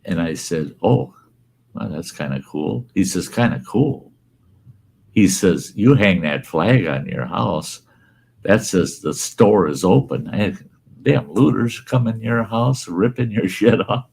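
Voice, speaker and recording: Host, male, middle-aged, very deep voice, animated storyteller. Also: takes it slowly, vocal fry, a little hiss or hum. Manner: animated storyteller, laughs through lines, quotes others in a raised voice. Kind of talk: casual storytelling chat.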